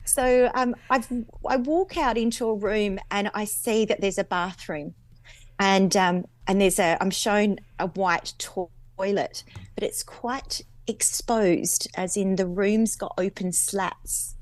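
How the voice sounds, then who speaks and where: A woman's voice: mid-range voice, fairly even intonation, takes it slowly, no room sound. Chatty Australian woman in her fifties. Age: 50s. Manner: chatty, with fillers and repeats. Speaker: guest. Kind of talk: recounting a dream.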